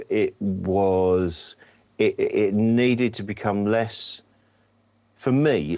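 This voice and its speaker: A man with a very deep voice, telling his stories in an interview with a wry, self-deprecating manner and plenty of restarts. The sound is dry and a little dull. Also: darkish tone, no room sound. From England. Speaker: comedian guest. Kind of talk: anecdotal interview storytelling.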